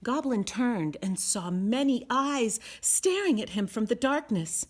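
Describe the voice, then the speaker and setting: Woman storyteller, picture book read-aloud, slow and lively in pitch. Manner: expressive and sing-song.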